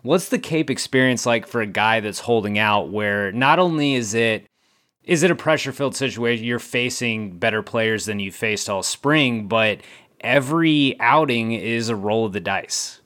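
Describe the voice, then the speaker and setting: A man's voice: medium pitch, normal speed, a bit bright. A man hosting an interview, asking prepared questions with a wry touch. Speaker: interviewer host. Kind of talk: conversational interview.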